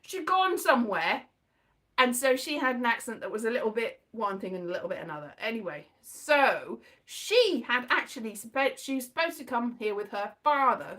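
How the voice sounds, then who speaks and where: A woman with a high voice recounts a long story in a casual vlog. Her talk is rambling and animated, full of restarts and side comments, and her pitch leaps up and down with great expression. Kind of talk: casual anecdote telling.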